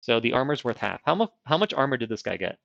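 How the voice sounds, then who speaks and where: Gravelly casual male game streamer. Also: mid-range voice, very animated, fast, a bit bright, no echo, muffled recording. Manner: rambling, self-deprecating, thinks aloud. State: wearing dental retainers. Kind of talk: casual game livestream chat.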